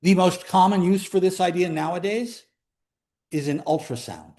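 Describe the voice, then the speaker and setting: A man teaching a calculus class, explaining in a chatty way with joking asides, sometimes drawing words out and sometimes rushing. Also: high-pitched, a little mellow. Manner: pace swings between slow emphasis and quick runs. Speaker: math instructor. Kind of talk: classroom lecture.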